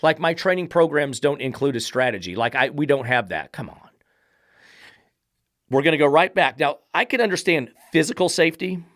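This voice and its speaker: A middle-aged man with a fairly high voice gives a dog trainer's blunt, sarcastic commentary. He talks straight at the listener, swearing at times, and the sound is dry and close, with no room echo. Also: animated, normal speed, a bit bright. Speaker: dog trainer hosting a podcast. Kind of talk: commentary reacting to a read-out text.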